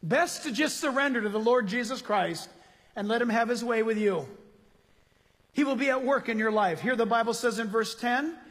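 A man preaches a lively sermon, firing off rhetorical questions at his congregation. His voice sits very high and has a husky edge. The sound rings with the long reverb of a large church hall. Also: normal speed. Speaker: pastor.

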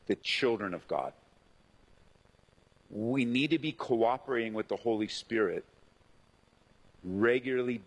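A middle-aged man, a pastor, preaching a sermon in an animated way, acting out the voices he quotes. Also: on the low side, poor audio.

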